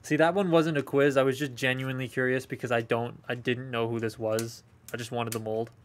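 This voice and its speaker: A man's voice: mid-range voice, flat delivery, a little fast, a little hiss or hum. Chatty man unboxing toys live. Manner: rambling and chatty, talking to live chat. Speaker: toy collector streaming a haul unboxing. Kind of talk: casual live unboxing chat.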